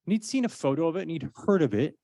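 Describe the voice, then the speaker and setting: An earnest man in a persuasive public speech, his voice sitting somewhat high for a man. He moves between argument and conversational storytelling. The recording is dry and close, with no room sound. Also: lively intonation, fast, warm tone, dry recording. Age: adult parent of a young child. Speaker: actor speaking as a child-safety advocate.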